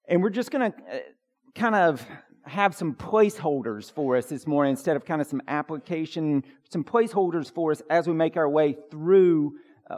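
A man preaches in a high-pitched voice. He talks to the congregation casually and jokes easily, then presses hard on his key points. The sanctuary gives a long, ringing reverb. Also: a little mellow. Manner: conversational, joking, building to emphatic peaks. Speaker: pastor. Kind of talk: sermon. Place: church sanctuary.

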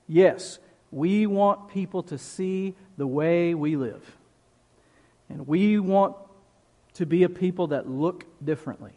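Slow, emphatic preacher in a big hall. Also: male voice, high-pitched, dark tone, muffled recording. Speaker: pastor. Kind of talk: sermon. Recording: long reverb of a large hall.

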